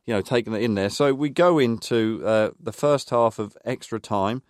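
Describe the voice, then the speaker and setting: A man's voice: medium pitch, normal speed, darkish tone, dry recording, studio quality. A man co-hosting a casual football podcast, reminiscing in a rambling way with plenty of fillers. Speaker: podcast co-host.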